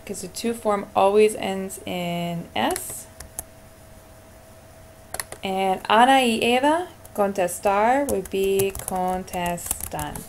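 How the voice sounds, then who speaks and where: A woman teaching Spanish verb endings in a screencast lesson, at a middling pitch for a woman. She talks her students through each answer in an encouraging way. Soft typing on a keyboard can be heard faintly behind her. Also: takes it slowly, a little hiss or hum.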